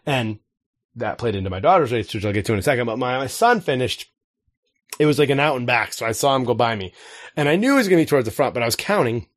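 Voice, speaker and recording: A man in his forties chats loosely, winding through a family story and slipping into the voices of the people in it. His pitch sits in an ordinary middle range. The sound is dry and close to the mic. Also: expressive, quick pace, no echo. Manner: rambling storyteller, acts out quotes. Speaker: podcast co-host. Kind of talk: casual chat.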